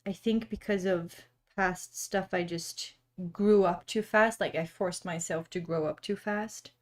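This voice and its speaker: Gentle chatty woman hosting an art stream. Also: on the low side, steady tone, unhurried. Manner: chatty and gentle, laughs often, reads chat aloud. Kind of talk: casual livestream chat while painting.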